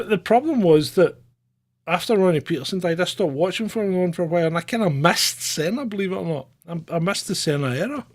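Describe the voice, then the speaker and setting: A middle-aged man from England hosting a casual livestream, rambling and irreverent, often chuckling. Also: fairly high pitch. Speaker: channel host.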